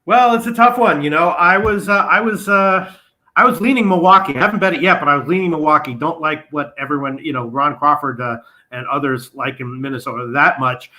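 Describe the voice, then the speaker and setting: A man co-hosting a live sports betting show, talking loudly and from farther off the mic. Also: fairly high pitch, fairly quick, low-quality recording.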